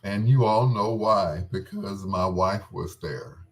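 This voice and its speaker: Low, slow-talking man reminiscing tenderly. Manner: halting, full of restarts and trailing pauses; tender and tearful. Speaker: friend recalling a wedding. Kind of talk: casual heartfelt reminiscing.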